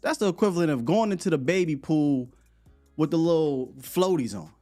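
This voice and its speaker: Guy hosting a morning sports stream, rambling and lively, quick laughs, soft music behind. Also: fairly high pitch. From United States. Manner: animated, rambling, laughs often. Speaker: sports show host. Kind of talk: live morning sports show chat.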